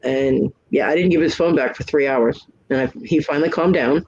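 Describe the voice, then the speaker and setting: Blunt husky-voiced man telling stories. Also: medium pitch, a little fast, darkish tone, muffled recording. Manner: blunt, frank storyteller who acts out both sides of quoted arguments. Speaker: hangout host. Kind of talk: casual storytelling chat.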